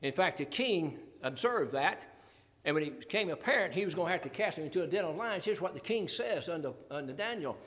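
A man delivering a sermon in a high voice, pressing his listeners with repeated rhetorical questions and the odd chuckle. His voice rings out with a long reverb, as in a large hall. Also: expressive, brisk, a bit bright. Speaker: preacher.

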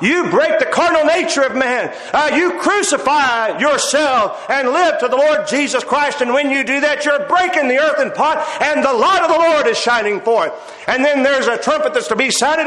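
A man's voice: extremely high pitch, fairly bright tone. A man preaching a sermon in a folksy, storytelling way, with hesitant fillers and wry humor, recorded in a church sanctuary. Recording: echoey hall with long reverb.

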